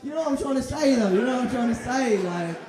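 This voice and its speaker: A man's voice: extremely high pitch, expressive, quick pace, a crowd in the background. A young man performing a stand-up set, chatty and crude, with loose fillers and an offhand delivery. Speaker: stand-up comedian. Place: comedy club in front of a live audience. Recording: echoey club room with audience laughter.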